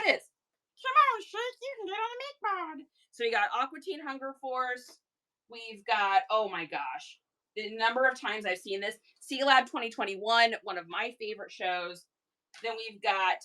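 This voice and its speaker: A woman chats casually through a reseller livestream, animated and prone to rambling asides. Her voice sits a little high and sounds strikingly bright.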